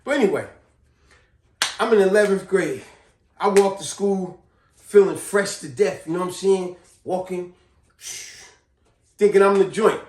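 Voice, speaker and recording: A man vlogging, telling a personal story in a casual, slangy, animated way. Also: sits high, measured pace, long pauses. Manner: animated, slangy, repeats himself. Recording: echoey room, distant mic.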